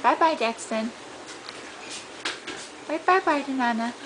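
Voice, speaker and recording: A woman's voice: high-pitched, expressive, slow pace, background noise. A woman talking to a toddler at home in sing-song, coaxing baby talk, repeating simple phrases. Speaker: parent playing with a toddler.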